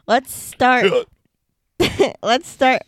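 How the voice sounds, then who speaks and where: A woman hosting a goofy pretend cooking contest, giggly and rushing over her words. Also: sits high, expressive, dry recording, clean studio sound. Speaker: play-acting show host.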